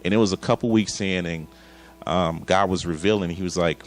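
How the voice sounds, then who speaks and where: A man's voice: sits low, fairly even intonation, a little fast, faint music behind. A man in his thirties preaching a sermon, telling an emotional personal story and acting out his dialogue with God. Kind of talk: sermon testimony.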